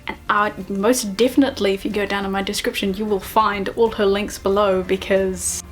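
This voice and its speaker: A woman, chatting excitedly and self-deprecatingly in a casual book vlog. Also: mid-range voice, normal speed. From New Zealand. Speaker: book vlogger.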